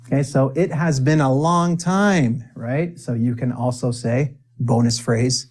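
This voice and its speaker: A man teaching spoken English, drilling phrases for the viewer to repeat, with deliberate pauses and playful asides. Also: medium pitch, steady tone, darkish tone.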